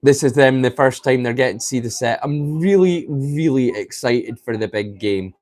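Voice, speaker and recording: Male live-stream host, casual and rambling, mid pitch, dry close mic. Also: moderate pace, a little mellow, no room sound. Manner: rambling, chatty, thinking aloud.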